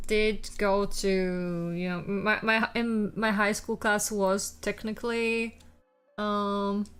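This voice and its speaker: A woman's voice: mid-range voice, a bit bright, smooth. A woman streamer chatting casually with viewers, rambling and swearing through exasperated rants.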